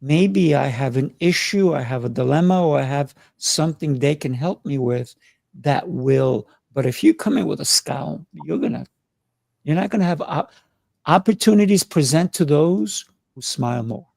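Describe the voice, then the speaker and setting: A man's voice: fairly high pitch, animated, normal speed, gravelly, darkish tone, dry recording, clean studio sound. A man hosting a casual conversation, coaching with rhetorical questions. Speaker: host.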